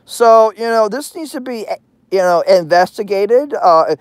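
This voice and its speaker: Slow, profane ranting woman. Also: mid-range voice, animated, darkish tone, no room sound. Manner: angry, threatening, crude, meandering. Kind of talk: profane vlog rant.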